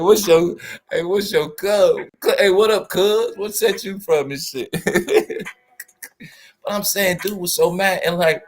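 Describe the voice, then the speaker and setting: A man hosting a casual livestream, talking in an animated, slangy way and speaking straight to his chat. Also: high voice, gravelly. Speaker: livestream host.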